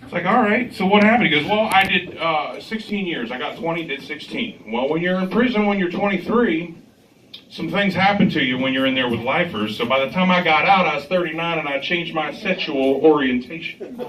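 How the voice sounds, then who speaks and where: A man doing stand-up comedy, telling a story in a deadpan way and acting out the other man's lines in an agitated voice. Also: on the high side, fairly quick, a little hiss or hum. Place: comedy club stage. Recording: echoey club recorded from a distance.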